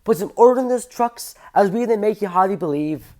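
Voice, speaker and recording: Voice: mid-range voice, animated, fairly quick, darkish tone, voice pushed up, lightly acted. A kind old Scottish steam engine, as a fan puts him on with a shaky, exaggerated accent. The voice jumps well above the speaker's own and lays the brogue on thick, like a storybook engine giving cheerful orders. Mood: gruff cheerful. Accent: Scottish, put on. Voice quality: self-admittedly poor, exaggerated accent.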